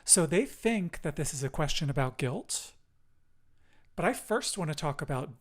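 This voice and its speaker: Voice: mid-range voice, animated, moderate pace. A podcast host speaking in an affirming, encouraging and emotive way during a casual chat.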